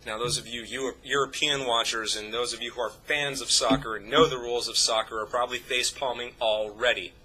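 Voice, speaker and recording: A man's voice: mid-range voice, fairly even intonation, brisk, few pauses, pushed and bright, slightly rough, soft background music, low-quality recording. A young man telling a rambling, profane story to his vlog audience, full of fillers and restarts. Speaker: YouTube vlogger. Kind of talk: casual anecdote told to camera.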